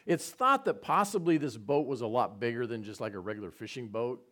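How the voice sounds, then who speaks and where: A man's voice: mid-range voice, lively intonation, fairly quick, fairly bright tone. A man preaching a conversational sermon, retelling scenes with repetition and side remarks. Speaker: pastor.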